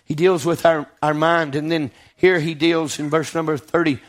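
High-voiced preacher man. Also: level tone. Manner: call-and-response preaching, frequent "Right?" and "Amen"; rising to emphatic peaks, slowing on scripture. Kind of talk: sermon.

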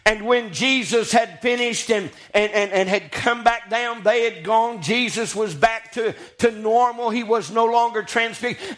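A man's voice: sits high, moderate pace, few pauses, a bit bright. A man preaching a sermon, telling scripture stories in a folksy, dramatic way. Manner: folksy, dramatic storytelling with acted quotes.

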